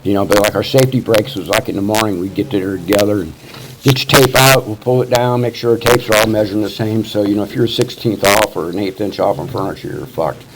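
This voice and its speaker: A man's voice: on the low side, fast talker. A man in his sixties from Missouri, telling his life story at a recovery meeting in a rambling, profane way, full of "you know" fillers. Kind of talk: casual storytelling testimony. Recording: loud background noise.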